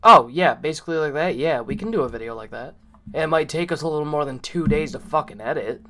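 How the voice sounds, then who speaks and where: A man's voice: a little high, lively intonation, fast, sharp tone. A man chatting casually on a stream, laid-back, swearing often and filling with "like". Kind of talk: casual chat.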